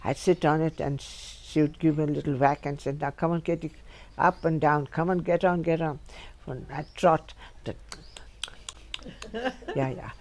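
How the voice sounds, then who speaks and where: At home, an older woman with a low voice tells humorous stories from her life at a moderate pace. She's a lively storyteller and laughs often.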